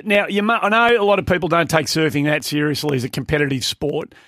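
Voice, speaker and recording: A man's voice: on the high side, fairly even intonation, fast, a bit bright, dry recording, studio quality. An opinionated man hosting a casual sports talk radio show, often stumbling and restarting his sentences. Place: radio studio.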